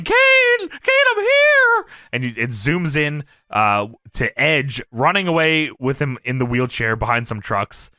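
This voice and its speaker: A man co-hosting a podcast, recapping old wrestling shows in a casual, profane, animated way. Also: medium pitch, no echo, studio quality. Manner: animated and profane, jumping into quoted voices. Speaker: podcast co-host.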